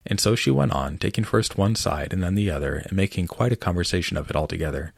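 A man reading a storybook aloud as narrator in an expressive, measured way. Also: deep voice, gravelly, breathy edge, dry recording, studio quality.

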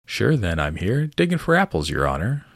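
A man's voice: lowish voice, huge pitch swings, moderate pace, gravelly, dry recording, studio quality, pitched above the performer's own voice, heavily acted. A man voicing a meek, simple-minded male servant, in a storybook reading. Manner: meek and deferential.

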